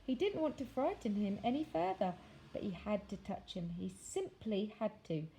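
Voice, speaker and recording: Mellow-voiced woman reading a story aloud. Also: mid-range voice, gravelly, a little hiss or hum, rough recording. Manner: expressive, measured storytelling with slowed dramatic phrases. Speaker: teacher. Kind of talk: reading a children's novel aloud.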